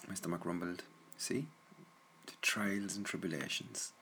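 An Irish man talks in a loose, rambling monologue, working through listener messages with plenty of fillers and self-deprecating asides. His voice sits low but comes across forceful and pressing. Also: steady tone, a little slow, slight background noise. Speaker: audio content creator answering listener messages.

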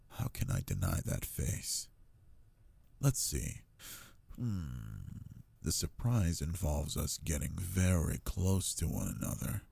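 A man playing a possessive, doting alpha lover in an intimate audio role-play, talking in a low, teasing way. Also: creaky, darkish tone, dry recording, heavily acted.

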